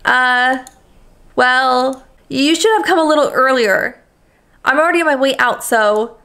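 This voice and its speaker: A woman reading the lines of a brash, flustered teenage schoolgirl from a visual novel, hurried and dismissive. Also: high-pitched, sharp tone, smooth, full character voice.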